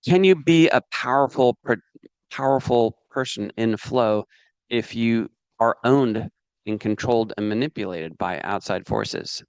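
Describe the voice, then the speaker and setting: A man teaching a business course in a casual, animated way, often checking in with the listener. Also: mid-range voice, measured pace, clean tone, no echo. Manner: animated, asks "does that make sense" and "right" often; acts out inner voices and his dog.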